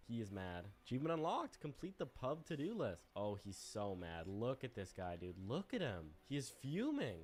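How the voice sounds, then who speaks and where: A man's voice: medium pitch, very animated, moderate pace, few pauses. A young man streaming a game, commenting in a playful, teasing, mischievous way as he plays. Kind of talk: casual gameplay commentary.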